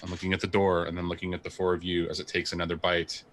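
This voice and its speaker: A man's voice: low-pitched, completely flat delivery, fast talker, fairly bright tone, a little hiss or hum. A man narrating as game master of a tabletop game, describing scenes at length with many fillers.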